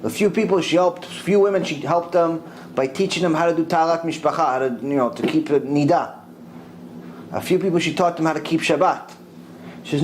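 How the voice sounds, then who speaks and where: Brief middle-aged rabbi, fairly high voice for a man, lively storytelling in a Torah lecture, a faint hiss behind him. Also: a little fast, low-quality recording. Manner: animated storytelling, mixing in Hebrew religious terms.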